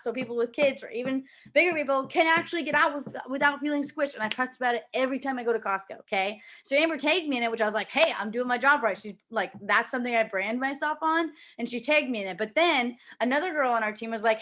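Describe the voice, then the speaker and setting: A young woman gives a casual pep talk to her sales team from home. She is chatty, says "like" constantly, and slips into lively acted-out voices when she quotes people. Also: on the high side. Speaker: team leader coaching a sales team. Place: at home with a child nearby.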